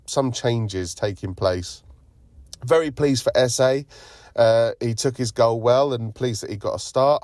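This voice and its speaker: Calm, measured man leaving a voicemail. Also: on the low side, no room sound. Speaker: voicemail caller. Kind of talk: recorded voicemail comment.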